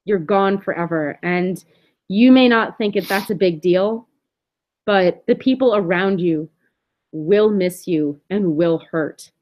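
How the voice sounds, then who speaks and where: A woman's voice: mid-range voice, slow, dull audio, slight background noise. A woman hosting a livestream, reading chat comments and speaking bluntly and candidly. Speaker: livestream host.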